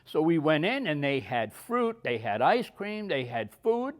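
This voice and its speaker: A man in his seventies recounts his days in the army. He is plain-spoken and unadorned, and his voice sits somewhat higher than most men's. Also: very animated, measured pace. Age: 70s. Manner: plain-spoken, acts out dialogue in stories. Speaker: army veteran guest. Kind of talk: personal war storytelling.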